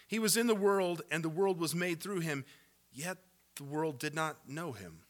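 A man preaching a sermon, with sarcastic asides and rising, impassioned build-ups to loud peaks. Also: a little high, animated, normal speed. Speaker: pastor.

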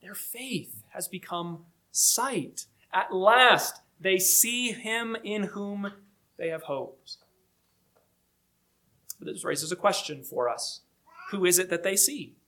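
Male pastor, slightly high voice, deliberate emphatic sermon delivery. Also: sharp tone. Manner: measured, emphatic, slowing on key phrases. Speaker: preacher.

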